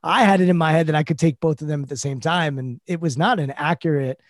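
Podcast host with a dry, close voice. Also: male voice, a little high, dry recording. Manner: reflective, measured questions. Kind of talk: podcast interview.

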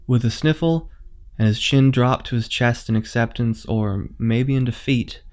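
Male horror narrator, measured, suspenseful delivery. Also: mid-range voice, a little mellow.

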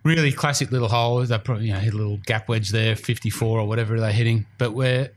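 A man's voice: on the low side, steady tone, fast talker. A man with an Australian accent hosting a golf podcast in casual, rambling chat, a bit self-deprecating. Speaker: podcast host. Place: studio room.

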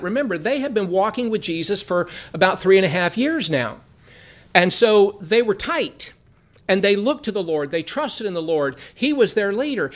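A man's voice: high-pitched, fairly bright tone. A man from Southern California teaching an earnest Bible study lesson, repeating phrases for emphasis.

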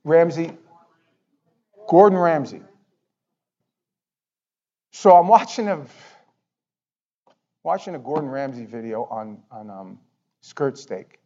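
Pastor, male, high-pitched, loose chatty sermon delivery, dull lo-fi recording. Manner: conversational, animated, repeats words. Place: church sanctuary.

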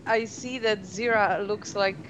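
A woman playing a tabletop game, excitable and easily alarmed. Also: mid-range voice, a little slow, slight background noise, low-quality recording. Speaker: player. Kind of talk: casual tabletop play.

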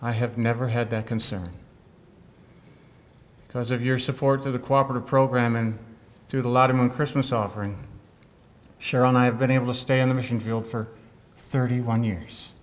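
A man's voice: mid-range voice, steady tone, normal speed, a little hiss or hum. A middle-aged man, a missionary doctor, preaching an earnest sermon.

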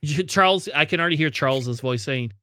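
A man hosting a casual gaming chat, excitable and quick to laugh, swearing now and then. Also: fairly high pitch, no room sound, studio quality.

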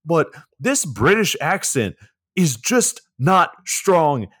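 A man's voice: fairly high pitch, sing-song, slow pace, a bit bright, slightly rough, no room sound, clean studio sound. A man co-hosting a podcast, recapping a movie in a blunt, incredulous and profane way. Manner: blunt, incredulous, swears often. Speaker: podcast co-host. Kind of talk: casual movie recap chat.

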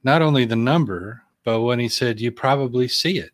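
A man's voice: mid-range voice, a little fast, dry recording. A man co-hosting a casual interview, speaking in a thoughtful, reflective way. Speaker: co-host.

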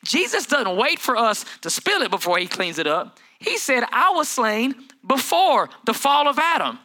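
Very high-pitched and swinging widely in pitch at a moderate pace, this man is a pastor delivering a sermon. He alternates quiet asides with loud, mounting preaching while telling stories and voicing family members.

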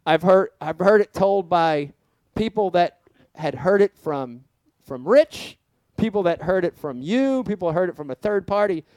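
An excitable male host whose voice swings up and down a lot as he tells stories. He talks loosely and swears now and then. The sound is dry and close. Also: high voice, measured pace, no room sound. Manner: excitable, lively, swears casually, says dude. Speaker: podcast host. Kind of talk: casual podcast chat.

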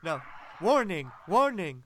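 Young male co-host, blunt and emphatic, slightly high voice over crowd noise. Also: very animated, slow. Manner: opinionated, emphatic, swears. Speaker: podcast co-host. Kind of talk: casual chat.

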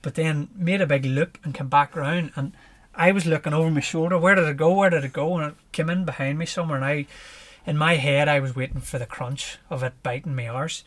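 Northern irish guy on a podcast, chatty storyteller, chuckles along as he talks. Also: mid-range voice. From Northern Ireland. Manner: lively storyteller, chuckles while recounting. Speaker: podcast guest, ultra runner. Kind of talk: casual storytelling.

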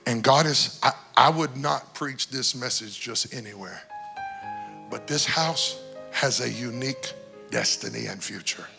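Shouting gravelly preacher man. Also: mid-range voice, measured pace, faint music behind. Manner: shouting, exhorting preaching with big swings in loudness. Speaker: guest preacher, bishop. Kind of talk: sermon. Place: church sanctuary.

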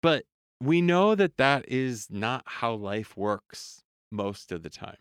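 A man giving a reflective motivational talk as a voice coach, slow and measured with repeated phrases that trail off softly. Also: mid-range voice, lively intonation, clean tone, no room sound, clean studio sound.

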